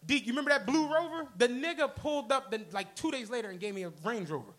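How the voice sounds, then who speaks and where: A man spins a profane story for a live crowd, voicing each person he quotes. His voice sits very high and sounds bright and forceful. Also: quick pace. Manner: animated, profane, acts out the people in his stories. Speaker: podcast co-host. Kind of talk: live storytelling before an audience. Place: stage of a comedy club.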